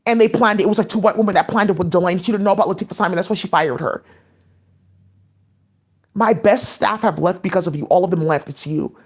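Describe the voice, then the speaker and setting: Fast, rambling woman vlogger. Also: lowish voice, breathy edge. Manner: rapid, scattered, many "like" fillers. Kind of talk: rambling casual monologue.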